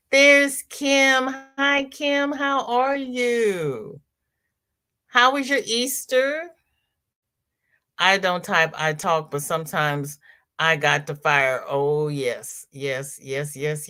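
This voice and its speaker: Southern woman host, slow, bright voice, chatty, repeats herself. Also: lowish voice, lively intonation. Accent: Southern American. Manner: chatty, repeats herself, greets viewers by name. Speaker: crochet livestream host. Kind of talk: casual livestream chat reading comments.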